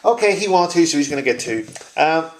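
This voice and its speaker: Man, vlog host, casual and joking, slightly raised pitch, roomy echo. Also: lively intonation, fairly quick. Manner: chatty and joking, with frequent fillers. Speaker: YouTube gaming channel host. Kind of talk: casual vlog tag response.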